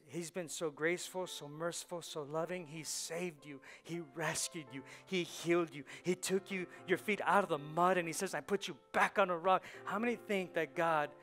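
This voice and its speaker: Impassioned preaching man over soft music. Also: fairly high pitch. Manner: passionate preaching, swings from hushed to loud, repeats phrases. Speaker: pastor. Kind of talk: sermon. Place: church sanctuary.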